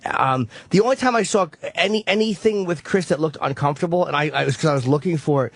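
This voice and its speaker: A radio regular with a slightly husky, fairly high voice, cutting in with blunt, profane jabs. He swears freely and teases the people around him. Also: fast, no room sound. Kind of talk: casual studio chat.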